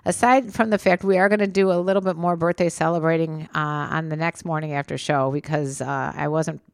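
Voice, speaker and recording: A middle-aged woman co-hosts a relaxed podcast, her voice sitting a little low for a woman. She talks in a chatty, teasing way and laughs easily. The sound is dry and close to the mic. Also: a little fast, gravelly, clear, resonant tone, no echo. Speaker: podcast co-host. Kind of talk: casual podcast chat.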